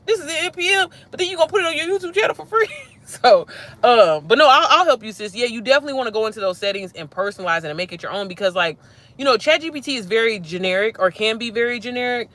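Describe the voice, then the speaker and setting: A woman hosting a casual livestream, her voice bright and forward. She talks in an animated, slangy way, addressing her viewers directly like friends. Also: medium pitch. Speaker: livestream host.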